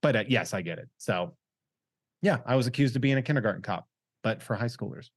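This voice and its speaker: A young man hosts a podcast with loose, rambling, jokey chat, his voice sitting at an ordinary middle pitch. The sound is dry and close, with almost no room around him. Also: lively intonation, a little fast, no echo. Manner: rambling, jokey, reads listener shout-outs. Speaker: podcast host. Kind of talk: casual chat.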